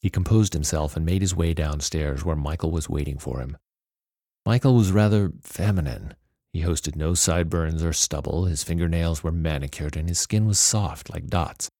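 A man narrates a novel aloud in a steady, measured reading. His voice is very low and gravelly. The recording is dry and close. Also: no echo. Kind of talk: storybook narration.

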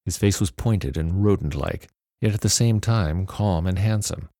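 A man reading a novel aloud as narrator in a steady, measured way. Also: low voice, no room sound, studio quality. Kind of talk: storybook narration.

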